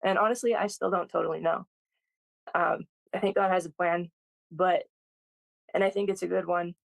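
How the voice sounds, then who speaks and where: A guest in their thirties tells a personal story in a thoughtful, hesitant way, with many pauses and restarts. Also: medium pitch, steady tone, creaky, no room sound, low-quality recording. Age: 30s. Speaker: podcast guest.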